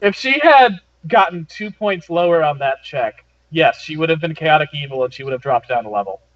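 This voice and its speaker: Acting as game master for a tabletop game, a man explains the rules and the story in a rambling, explanatory way packed with fillers. His voice is a little high, expressive and fairly bright at a moderate pace, recorded dry with a dull lo-fi sound and no room tone.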